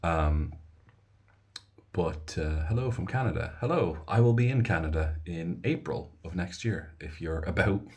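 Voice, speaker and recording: A man's voice: deep voice, lively intonation, measured pace, a little mellow, breathy edge. An Irish man, an audiobook narrator, chatting casually on a live stream, rambling and reading viewers' comments aloud.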